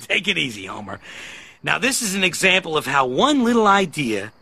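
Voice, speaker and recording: A man voicing an excitable, gravelly male cartoon character in a played clip, exclaiming in a lively way. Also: fairly high pitch, normal speed, a crowd in the background. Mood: excited.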